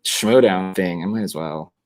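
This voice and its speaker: A man's voice: low voice, normal speed, darkish tone. A young man on a video call, chatting casually and rambling, laughing often and swearing. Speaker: podcast guest.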